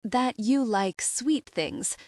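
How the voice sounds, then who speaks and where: A woman narrator voicing a gentle, earnest young woman in an audiobook, speaking softly and slowly. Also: on the high side, dry recording, studio quality, pitched above the performer's own voice. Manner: soft, slow and tender. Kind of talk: audiobook dialogue.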